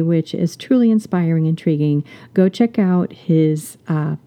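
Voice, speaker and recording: Brisk, enthusiastic woman podcast host. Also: on the low side, warm tone. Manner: fast, enthusiastic, laughing asides. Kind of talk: jewelry podcast monologue.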